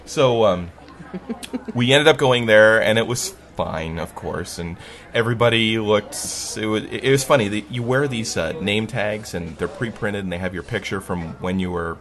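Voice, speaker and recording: A man's voice: lowish voice, moderate pace, a bit bright. A man telling a story in a casual podcast chat, in a snarky, wry way, laughing often.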